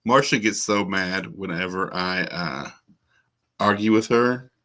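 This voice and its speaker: Man, middle-aged, host, crossword chat, joking, unhurried, bright tone. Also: low-pitched. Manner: joking, slow and musing, breaks into silly voices. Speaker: podcast host. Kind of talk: casual chat solving a crossword.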